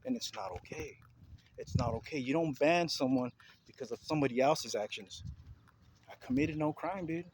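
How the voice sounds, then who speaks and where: A man's voice: mid-range voice, darkish tone, a little hiss or hum, poor audio. A man ranting heatedly to his viewers in a video commentary, repeating himself and confronting his listeners with questions. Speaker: vlogger.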